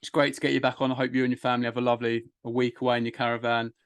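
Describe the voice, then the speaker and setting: A man's voice: mid-range voice, level tone, racing, a bit bright, clear, resonant tone, no echo. Chatty male podcast host, dry sound. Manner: friendly, chatty, calls guest "mate". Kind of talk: casual interview chat.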